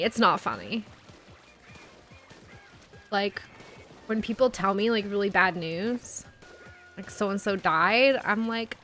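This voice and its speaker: Bright-voiced young woman chatting on stream. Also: medium pitch, a little slow, long pauses, faint music behind. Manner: chatty storytelling, frequent "like" fillers. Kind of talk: casual live-stream chat.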